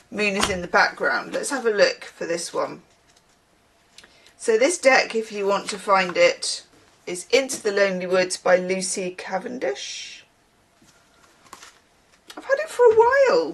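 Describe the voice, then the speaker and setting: A woman's voice: mid-range voice, fairly bright tone, poor audio. A woman giving a casual tarot reading, chatting in musing asides and reading card texts aloud. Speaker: tarot reader.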